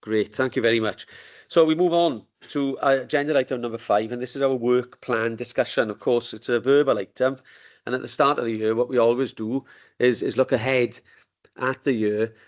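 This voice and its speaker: A man runs a council committee meeting in a relaxed, easygoing way and jokes with the members. His voice sits at an ordinary middle pitch, with nothing unusual about it. It is picked up by a desk microphone in a meeting room. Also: normal speed. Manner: informal, genial and joking. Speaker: committee chair.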